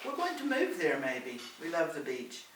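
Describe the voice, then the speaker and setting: A man voicing a calm, reassuring woman who comforts her friend, soothing and affectionate, recorded far off in a roomy space. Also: on the high side, normal speed. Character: calm reassuring woman, loyal travel companion. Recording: roomy, distant, faint hiss.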